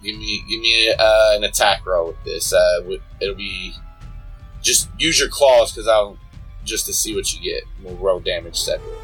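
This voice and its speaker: Guy gm with a lowish voice, laid back, lots of uhs while he narrates the fight, faint music under it. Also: normal speed, low-quality recording. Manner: relaxed, chuckling, many fillers. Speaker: game master. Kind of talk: narrating a tabletop game.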